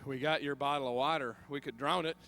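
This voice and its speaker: A man putting on the voice of a calm, unhurried male friend who talks slowly and flatly. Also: slight background noise, poor audio. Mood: unbothered. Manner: slow, flat, low-key.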